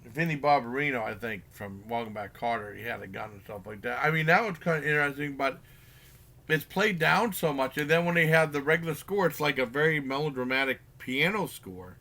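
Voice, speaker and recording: A man's voice: medium pitch, lively intonation, bright, forceful tone. A man giving a casual spoken movie review, rambling with lots of fillers and restarts and acting out lines from the film. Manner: acts out characters' lines in quick bursts.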